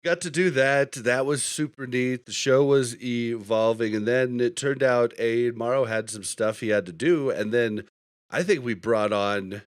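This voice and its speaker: A man's voice: mid-range voice, measured pace, smooth, no room sound, studio quality. A man hosting a podcast, telling rambling stories in casual chat and laughing often. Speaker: podcast host.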